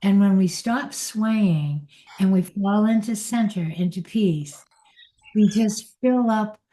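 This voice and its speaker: An older woman giving an inspirational spiritual talk in a gentle, unhurried and reflective way. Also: medium pitch. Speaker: spiritual teacher.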